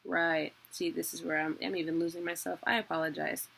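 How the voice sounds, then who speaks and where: Bright-voiced woman teaching casually. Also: on the low side, fairly even intonation, brisk, vocal fry. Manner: chatty, self-deprecating, laughs at herself. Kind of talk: casual online lesson.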